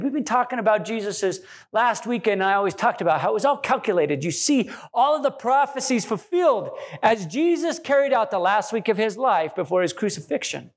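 A man pastor delivering a sermon in a church, animated and joking, acting out quotes. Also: high voice. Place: church sanctuary.

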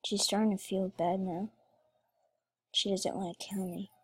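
Playing on camera, a female gaming creator talks emotionally to her viewers in let's play style. Her husky mid-range voice barely shifts in pitch, and she takes her time.

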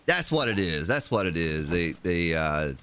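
A man's voice: low voice, big pitch swings, moderate pace, bright, forceful tone, a little hiss or hum. A man streaming a video game, chatting casually and rambling to his viewers. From United States. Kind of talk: casual live-stream commentary.

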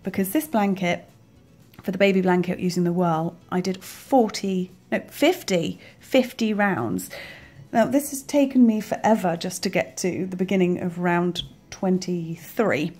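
A woman's voice: fairly low pitch, unhurried, a little mellow. A woman hosting a crochet tutorial, talking casually as she counts stitches aloud and keeps asking if it makes sense. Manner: chatty, counts stitches aloud, checks understanding. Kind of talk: casual instructional talk.

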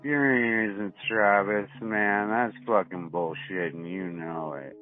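A man's voice: on the low side, slow. A man making a prank phone call to a scammer, mocking and swearing at him in a taunting, profane way. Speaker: prank caller baiting scammers. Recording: tinny phone line, faint music.

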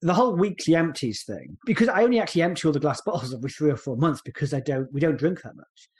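A male co-host on a casual comedy podcast jokes and needles sarcastically while reading from his notes. His voice is a little high and darkish with lively intonation, and he slips into quick silly voices.

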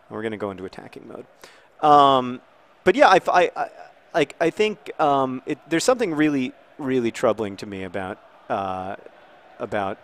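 A man in his thirties talks loosely over a football video game, circling back on himself with fillers and restarts. His voice sits at an average pitch, and he now and then jumps into excited shouts at the play. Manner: rambling, halting, many fillers and restarts; bursts into excited outcries at the game. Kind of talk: casual talk over gameplay.

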